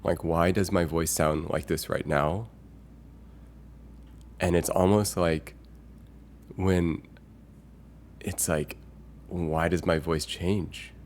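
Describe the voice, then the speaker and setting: A man's voice: low voice, steady tone, slow, long pauses, a little mellow, slight background noise. A man live streaming in a casual chat with viewers. He rambles and thinks aloud with many fillers, reading out chat messages and greeting viewers as they arrive.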